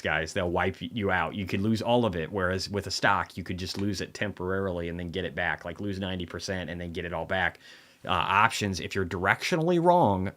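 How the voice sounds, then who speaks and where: A man with a notably low, deep voice runs a loose livestream commentary. He speaks bluntly and swears freely, slipping into dry sarcasm. His talk rambles through restarts and quick asides. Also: fairly bright tone. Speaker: livestream host reviewing markets.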